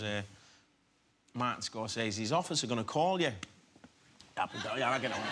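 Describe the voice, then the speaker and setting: A man with a Scouse accent, a chat show guest, telling an animated anecdote. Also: medium pitch, noisy background. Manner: chatty storyteller, animated retellings. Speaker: talk show guest, actor. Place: TV studio with audience.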